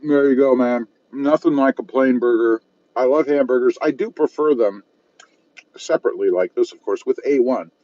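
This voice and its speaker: A man's voice: mid-range voice, normal speed, dark tone, no room sound, muffled recording. A man from South Texas chatting casually on a live stream from his parked car while eating and reading viewer comments aloud, self-mocking and easygoing. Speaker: car channel host reading live chat. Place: parked car at a fast-food restaurant.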